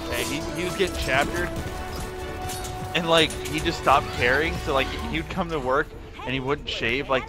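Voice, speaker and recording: A young man chatting casually while gaming, telling rambling, profane stories from his army days. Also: medium pitch. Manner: rambling storytelling with profanity and laughs. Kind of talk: casual chat.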